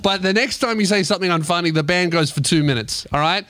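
High, bright Australian comedian host. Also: male voice, quick pace. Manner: loud, joking, swears freely, teasing. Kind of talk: crude comedic podcast banter. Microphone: studio microphone.

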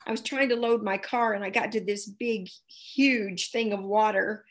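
A woman guest telling earnest, animated personal anecdotes in casual conversation. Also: medium pitch, moderate pace. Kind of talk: casual storytelling.

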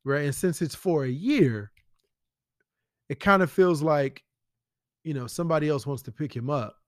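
A man's voice: fairly high pitch, normal speed, no echo, studio quality. A man hosting a casual commentary podcast, blunt and profane, firing rhetorical questions at the listener. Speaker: podcast host.

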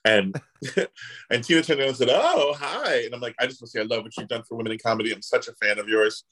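In a rough recording, a man with a mid-range voice talks very fast as an actor guest sharing casual stories. He's animated and does voices for everyone he quotes in his anecdotes.

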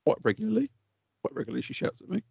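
A man co-hosting a podcast, chatting casually, swearing freely and telling animated stories. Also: high-pitched, very fast, gravelly, breathy edge, no echo, muffled recording. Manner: swears freely, animated storytelling with put-on quotes. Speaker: podcast co-host. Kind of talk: casual chat.

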